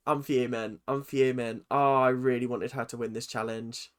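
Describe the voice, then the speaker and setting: A man doing casual reaction commentary, excitable and quick to swear as he talks back at the screen. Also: mid-range voice. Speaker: reaction channel host.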